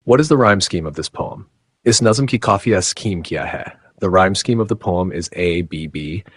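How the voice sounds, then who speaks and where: Low, husky man teaching. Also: moderate pace. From Pakistan. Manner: reads out word lists and explanations, switching to Urdu translations. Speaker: English teacher. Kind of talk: exam-prep lesson narration.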